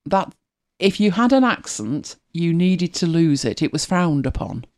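Unhurried and very animated, this lowish, slightly mellow voice belongs to a middle-aged Mancunian woman with a mild accent. As host she chats casually, rambles, laughs frequently and reads comments from listeners.

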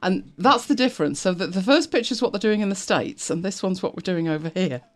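A woman from the United Kingdom co-hosts a casual live chat stream, reading as she thinks aloud and laughing often in a chatty, sarcastic manner. Her medium-pitched voice has lively intonation and moves fairly quickly.

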